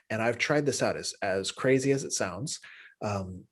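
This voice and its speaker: A man teaching a class on empathy, talking loosely with many restarts and "right?" tags, jumping up in pitch to act out little dialogues. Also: normal speed. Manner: animated, acts out little dialogues with pitch jumps. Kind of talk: spoken class lecture.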